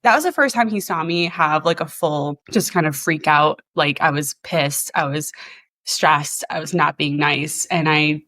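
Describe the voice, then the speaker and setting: Woman, thirties, podcast host, casual chat, chatty, laughs a lot, lowish voice. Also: unhurried, sharp tone. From New Jersey. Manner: chatty, laughs often, many likes.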